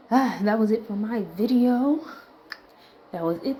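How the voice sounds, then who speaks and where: A woman's voice: a little high, a little slow, pauses often, dark tone, a little hiss or hum, rough recording. Laid-back woman mumbling through tweets. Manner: laid-back, muttering asides and swear words, trailing off. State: a little winded. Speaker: vlogger reading tweets aloud. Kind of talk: casual commentary reading tweets.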